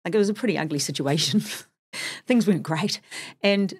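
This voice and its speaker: A husky-voiced middle-aged woman speaks candidly in a casual interview, joking at her own expense. Her voice sits a little low for a woman. The sound is dry and close. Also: moderate pace, no echo. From New Zealand. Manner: candid, self-deprecating, chatty. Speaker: podcast guest.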